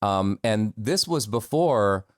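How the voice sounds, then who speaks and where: A middle-aged man with a low voice chats as a podcast guest, spinning anecdotes with ums and animated quoted lines. He is recorded close and dry, with no room sound. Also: takes it slowly, no echo. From United States. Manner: chatty storyteller, animated quotes, frequent ums. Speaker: voice actor guest. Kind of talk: casual podcast interview.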